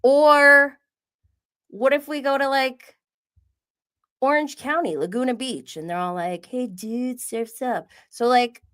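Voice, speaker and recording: A woman's voice: high-pitched, a little slow, pauses often, a bit bright. A woman hosting a casual solo recap, chatty and giggly, full of "like" and asides. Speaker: podcast host recapping reality TV.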